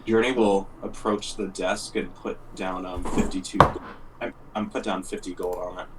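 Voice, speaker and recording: A man playing a tabletop game, blunt and a bit halting, heard from some way off the mic. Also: deep voice, level tone, heavy background noise. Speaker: player. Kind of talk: casual tabletop play. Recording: far from the mic.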